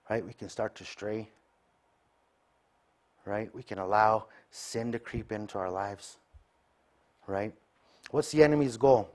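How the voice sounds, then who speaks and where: Lowish-voiced man preaching conversationally. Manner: conversational, tags nearly every point with "right?"; acts out everyday conversations in quoted voices. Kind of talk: sermon.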